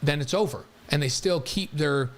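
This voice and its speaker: Brief: talkative male co-host, slightly higher voice, lively chat delivery. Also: normal speed. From East Coast of the United States. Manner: animated, jumps into quoted voices with big pitch rises. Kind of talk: casual radio-style chat.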